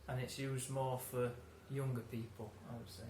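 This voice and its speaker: A man's voice: mid-range voice, little pitch movement, normal speed, noisy background. A man explaining words in a conversational lesson, laughing and restarting often. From England. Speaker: English teacher. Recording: roomy room, faint ambience.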